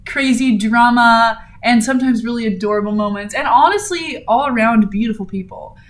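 A woman's voice: a little high, moderate pace. Chatty young woman gossiping casually. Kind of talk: casual chat.

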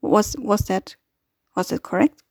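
A woman hosting a weekly podcast update, speaking in a hesitant, halting way with many fillers and restarts. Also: medium pitch, a little mellow, no echo, clean studio sound. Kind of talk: casual spoken appeal.

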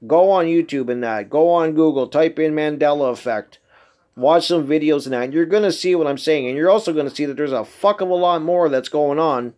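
Incredulous, swearing man, slightly high voice. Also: a little mellow. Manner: heavy swearing, emphatic and incredulous. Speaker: podcast host. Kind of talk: casual solo podcast monologue.

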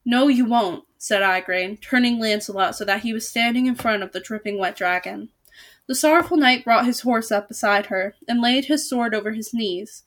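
A woman reading a storybook aloud with a fairly high voice. She keeps it relaxed and unpolished, correcting her slips as she goes. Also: normal speed. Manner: casual asides, self-corrections. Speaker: storybook reader. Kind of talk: reading a children's novel aloud.

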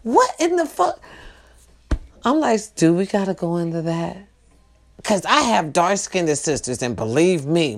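A woman hosting a casual monologue for a live stream, talking straight to her viewers with loud outbursts and hushed asides. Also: fairly low pitch, sing-song, moderate pace. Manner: tag questions, talks straight to her viewers. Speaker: host.

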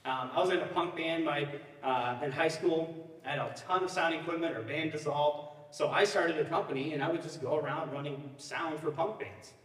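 A man's voice: on the high side, normal speed, a bit bright. A middle-aged man, a pastor, preaching a sermon full of personal stories, casual and joking, often checking in with the crowd. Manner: casual, joking, often asks the crowd "you know what I mean?". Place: church sanctuary. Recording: echoey church hall, mic at a distance.

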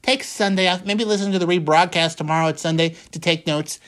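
A man's voice: sits high, brisk, a bit bright. Man, radio host, sarcastic monologue, says things twice for emphasis, folksy. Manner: wry and sarcastic, repeats lines for emphasis; folksy exclamations.

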